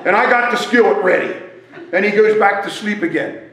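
Standing in a church sanctuary, this male guest preacher talks briskly in a high voice. His sermon unfolds as a playful, lively tale that drifts from point to point, captured in the hall's echo.

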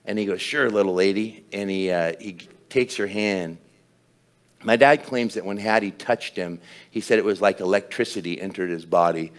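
A man with a fairly low voice preaching a sermon, telling a personal story with humor and self-deprecation. His delivery is conversational, with restarts and asides. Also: moderate pace. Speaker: pastor.

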